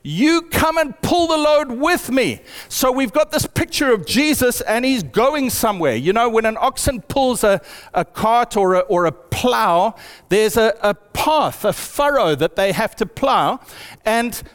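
A man preaching a sermon in an earnest way, slowing down to stress key phrases. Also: animated, clean tone, in a large hall. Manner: earnest, with lots of pitch swings and slowed emphasis.

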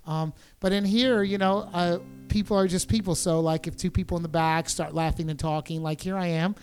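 An American man answering interview questions in a relaxed, joking way, with many restarts and faint guitar music behind. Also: high-pitched, a little fast. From United States. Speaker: interview guest, performer. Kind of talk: casual conversational interview.

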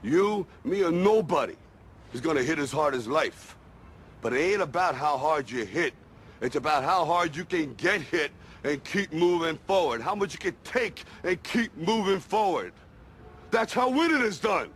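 An actor playing an aging male boxer giving a gruff, slangy pep talk in a film monologue. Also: a little high, expressive, moderate pace, slight background noise. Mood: stern. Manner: gritty, slangy, building to forceful.

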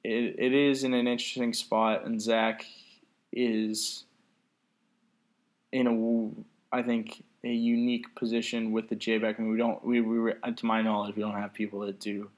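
A man's voice: fairly low pitch, level tone, normal speed. A man co-hosting a podcast in casual chat, ranting sarcastically and swearing freely. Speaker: podcast co-host.

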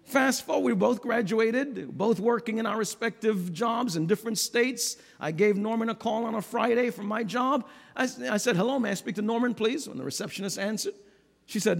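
A middle-aged man preaching a sermon, swinging from low, quiet stretches to loud, ringing calls. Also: normal speed, gravelly. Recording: long hall reverb.

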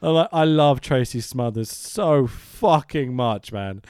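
A man's voice: mid-range voice, lively intonation, unhurried, darkish tone, clean tone, no echo, clean studio sound. A man, co-hosting a casual wrestling review and reading from his notes. He swears often and laughs a lot. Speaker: podcast co-host.

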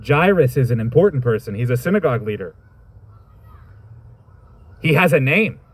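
A man's voice: medium pitch, very animated, normal speed, breathy edge, no room sound. A man preaching a sermon, reading scripture and reflecting on it in a thoughtful, conversational way with informal asides.

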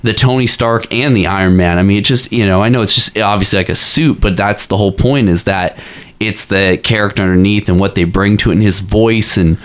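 A man with a lowish voice talks casually on a podcast, circling his points with lots of fillers, restarts and trailing clauses. He sounds relaxed and conversational. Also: brisk. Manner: rambling, many fillers and restarts. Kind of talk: casual pop-culture chat.

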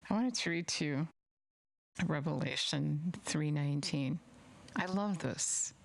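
A woman's voice: sits low, unhurried, gravelly. A middle-aged woman preaching an earnest sermon and reading scripture aloud, repeating words for emphasis.

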